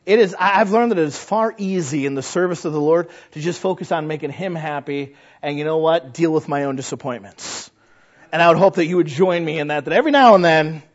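High-voiced folksy male preacher. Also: muffled recording. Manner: folksy, conversational preaching with rhetorical questions. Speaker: pastor. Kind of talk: sermon.

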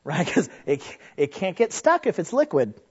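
A man with a fairly high voice preaches to his congregation in a relaxed, folksy manner, firing off rhetorical questions. The recording is dull and lo-fi. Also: moderate pace, slightly rough. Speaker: pastor. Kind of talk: sermon.

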